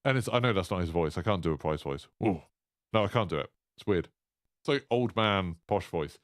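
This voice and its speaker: A young man hosting a solo gaming podcast, talking in animated, opinionated rambles full of "like" and restarts. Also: low-pitched, brisk, dry recording, clean studio sound. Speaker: podcast host.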